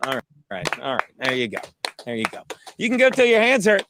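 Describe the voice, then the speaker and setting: A man hosting a casual comedy podcast, telling stories in a profane, excitable way, often laughing and breaking into shouts. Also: fairly high pitch, fairly quick, background noise. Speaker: podcast host.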